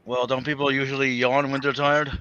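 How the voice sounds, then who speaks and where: A man's voice: medium pitch, flat delivery, brisk, pushed and bright, smooth, lo-fi sound. A man hosting a livestream in casual chat, rambling and hesitant, repeating his words and swearing offhandedly. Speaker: livestream host.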